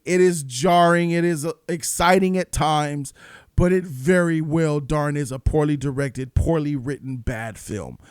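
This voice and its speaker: A man with a high-pitched voice hosts a casual movie review, ranting and retelling scenes in animated bursts. The sound is dry and close, with no room echo. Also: smooth. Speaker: movie review channel host.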